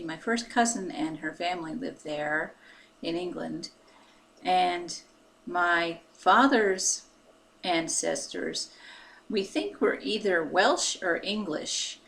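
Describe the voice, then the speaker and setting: Slow, gravelly American woman in her fifties. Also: on the low side. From United States. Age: 50s. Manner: soft-spoken and halting, with many pauses and fillers. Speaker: vlogger. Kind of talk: casual personal vlog.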